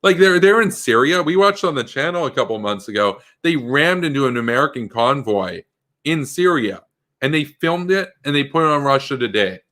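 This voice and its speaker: A man's voice: medium pitch, expressive, normal speed, bright, forceful tone. A man giving a political commentary monologue in an emphatic, combative way, full of rhetorical questions.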